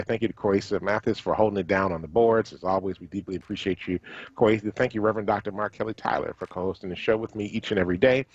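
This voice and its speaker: A man hosting a talk radio show, chatting in a relaxed way with his co-host and thanking listeners. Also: fairly low pitch, no echo. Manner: relaxed, conversational, ends by signing off the show. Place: radio studio. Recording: dull lo-fi stream audio.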